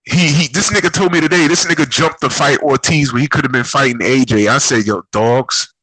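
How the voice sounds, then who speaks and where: A man's voice: medium pitch, fairly quick, sharp tone, slightly rough, no room sound, poor audio. A man giving an angry, profane, heated vlog rant. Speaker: boxing vlogger.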